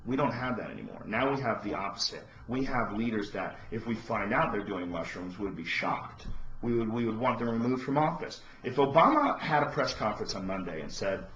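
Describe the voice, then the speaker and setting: A man hosting a podcast, delivering a profane, impassioned monologue that rises into near-shouts. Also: fairly low pitch, expressive, brisk, a little hiss or hum. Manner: profane, ranting, rising to shouts. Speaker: podcast host. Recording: roomy, dull lo-fi podcast audio.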